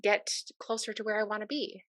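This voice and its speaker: Brief: woman therapist guest, bright tone, earnest chatty delivery, dry close sound. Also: medium pitch, fairly even intonation, a little fast, no room sound. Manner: earnest, conversational, uses fillers like "you know". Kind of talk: casual conversation.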